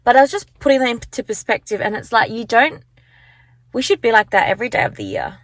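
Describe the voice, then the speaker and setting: A woman's voice: fairly high pitch, expressive, fast talker, no echo. A young woman vlogging casually into her phone from her car, chatty and rambling, full of likes and restarts. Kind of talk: casual chat to camera. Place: parked car. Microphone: handheld phone.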